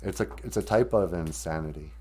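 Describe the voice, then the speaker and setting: A man's voice: deep voice, a little fast, darkish tone, slight background noise. A man hosting a live stream from home, talking candidly and rambling, with frequent asides that interrupt himself. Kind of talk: casual live-stream talk.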